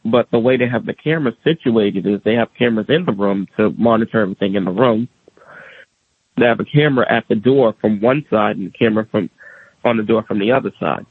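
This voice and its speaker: A man's voice: fairly low pitch, fast, husky, no echo. A man telling his own story in a casual way, acting out other people's voices as he goes. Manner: animated, acts out quoted voices. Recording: tinny phone-like radio audio.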